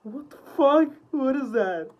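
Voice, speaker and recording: A woman with hosting a music video reaction, gasping, laughing and swearing excitedly. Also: high-pitched, unhurried, muffled recording.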